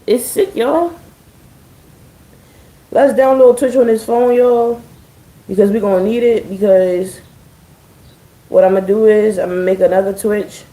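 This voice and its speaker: A chatty woman talks straight to her viewers in a mellow, warm voice, swearing freely with dry sarcasm. Her voice carries a roomy echo, like a live stream from home. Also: mid-range voice, steady tone, unhurried, pauses often. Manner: chatty, profane, addressing viewers as y'all. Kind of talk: casual live-stream chat.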